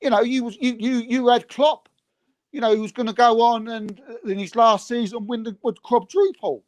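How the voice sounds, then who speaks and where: A man's voice: very high voice, normal speed, dry recording. A man, a podcast co-host in casual football chat, talking in a rambling, heated, mocking way and repeating words.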